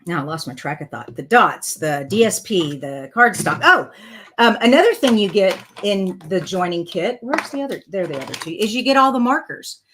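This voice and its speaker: A woman's voice: lowish voice, lively intonation, normal speed, fairly bright tone, slight background noise. A woman, chatting casually as she demonstrates a card-making project live, talking through her slips with good humor. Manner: chatty and self-deprecating, talking through mistakes. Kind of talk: live crafting tutorial chat.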